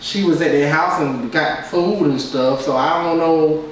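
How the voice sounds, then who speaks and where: A man's voice: a little high, a little slow. A man casually giving his opinions as a reality TV reviewer, in a loose, repetitive way with lots of filler phrases. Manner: loose, repetitive, keeps saying "you know what I'm saying". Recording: very echoey room, distant mic, faint noise.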